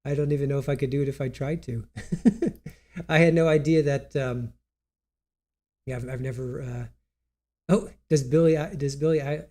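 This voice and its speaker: A man hosting a live stream in casual chat, rambling, laughing often and reading aloud haltingly, with a stuffy nose. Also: mid-range voice, fairly even intonation, dark tone.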